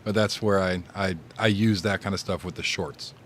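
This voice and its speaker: A man's voice: low voice, fairly even intonation, normal speed. A man who streams games, giving casual advice in a rambling, laid-back way and often repeating his words. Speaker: gaming streamer.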